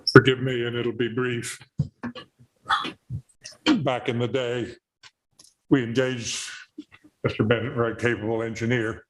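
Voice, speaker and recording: A man from Texas with a Texan accent, speaking at a town board meeting in a halting, apologetic way with many fillers and dry jokes. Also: medium pitch, level tone, slight background noise, poor audio. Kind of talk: public comment at meeting.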